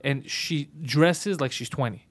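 A man's voice: fairly high pitch, a little slow. A man, a podcast co-host telling a story in casual, profane chat.

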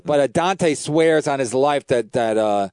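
A man's voice: mid-range voice, a little slow, darkish tone, clear, resonant tone, no echo. A man, a comedian and podcast host, telling rambling profane stories in casual chat.

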